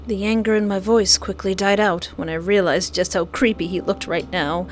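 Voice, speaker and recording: A woman reading a visual novel aloud in first person, animated and playfully sarcastic, with faint music behind. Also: medium pitch, moderate pace. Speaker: visual novel player and narrator.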